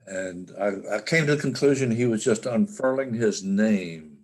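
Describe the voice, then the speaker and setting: An older man telling a personal story as an interview guest over a video call, halting and restarting often. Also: on the low side, darkish tone. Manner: halting, with frequent restarts and fillers.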